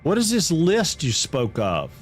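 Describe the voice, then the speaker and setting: A man's voice: a little high, huge pitch swings, unhurried, faint music behind. A man from Georgia, chatting casually with viewers while streaming a game and often repeating himself. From Atlanta, Georgia.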